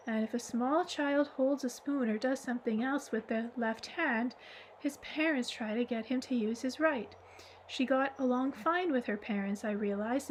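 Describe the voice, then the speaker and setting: A woman reading the part of a gentle, wise old man in an audiobook, explaining calmly and patiently. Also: fairly high pitch, slight background noise, close to an everyday voice, low-quality recording.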